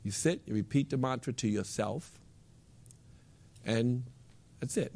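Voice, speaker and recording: Man, gravelly, guides a meditation in a gently instructive manner, repeating his phrases. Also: mid-range voice, a little slow, pauses often, slight background noise. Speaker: meditation teacher and show guest. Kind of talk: casual talk, then guided meditation.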